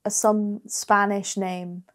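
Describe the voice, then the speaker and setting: A woman's voice: mid-range voice, flat delivery, takes it slowly, a bit bright. A young woman co-hosting a podcast, telling a funny anecdote and laughing through it. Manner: storytelling, laughing through her own anecdote. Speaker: podcast co-host. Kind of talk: casual chat.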